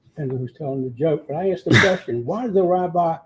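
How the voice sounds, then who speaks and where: A man's voice: on the high side, fast, very noisy. A man in the audience of a class, telling a story in a rambling way with hesitations. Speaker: congregant. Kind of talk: casual remarks in a class.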